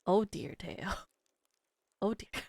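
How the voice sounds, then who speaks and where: A young woman streamer chatting casually while she plays, animated and often laughing between lines. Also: takes it slowly, dry recording, rough recording. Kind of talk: casual chat while gaming.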